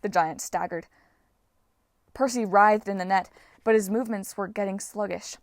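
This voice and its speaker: A woman narrates a novel aloud in a steady storytelling voice. Her pitch sits in a middle range, and the recording is dry and close with no room echo. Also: normal speed. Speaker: audiobook reader. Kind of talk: fan audiobook narration.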